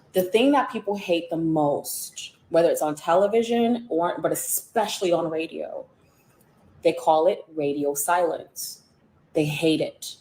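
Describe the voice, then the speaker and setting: A woman with a lowish voice tells candid stories from her media career. She talks bluntly and with sarcasm, cursing freely, and the echo of the room rings around her. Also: darkish tone. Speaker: media personality and author. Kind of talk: candid interview storytelling.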